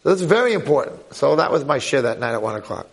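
An older American man, a rabbi, giving a jokey, animated class full of rhetorical questions. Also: fairly high pitch, fast talker, gravelly. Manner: jokey, acts out quoted voices, punchy rhetorical questions. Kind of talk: animated storytelling lecture.

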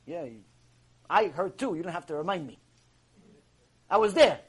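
A man's voice: a little high, lively intonation, moderate pace, husky, voice pushed down. A man voicing a bitter, fed-up man who answers with exasperated sarcasm. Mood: sarcastic.

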